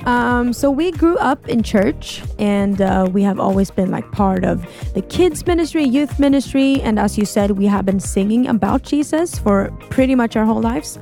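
A young woman answers a radio host earnestly and fluently. Her voice is warm and mellow, with soft music under it. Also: fairly high pitch, animated, normal speed, gravelly, hardly any pauses. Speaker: guest musician. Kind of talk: interview answer.

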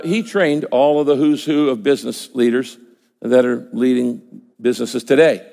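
A pastor preaches in an emphatic, conversational way and slips into the imagined voices of his listeners. His voice sits a little high and has a gravelly edge. A long hall reverb follows him. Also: a little mellow. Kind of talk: sermon.

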